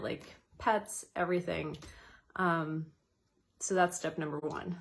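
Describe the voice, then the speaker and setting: A woman educator giving a casual wellness talk, chatty with light laughs, guiding slow counted breathing. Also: low voice, gravelly.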